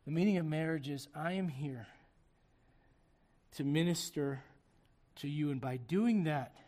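High-voiced fervent male pastor. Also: unhurried. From Puerto Rico. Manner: fervent, swings from shouting to quiet earnest appeals; joking asides to the congregation. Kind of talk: sermon. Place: church service before a congregation.

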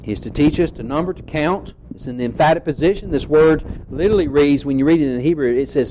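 A man preaching an expository sermon, reading scripture slowly and asking rhetorical questions as he teaches. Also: on the high side, expressive, a little mellow, poor audio.

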